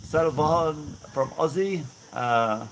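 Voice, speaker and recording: A man's voice: on the high side, slow, slight background noise, low-quality recording. A man from the Birmingham area with a mixed Birmingham accent, rambling casually on an outdoor live stream and greeting viewers by name. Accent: mixed Birmingham English with a little Maltese influence. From England (Birmingham area). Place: outdoors on a breezy day. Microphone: no clip-on mic, camera mic.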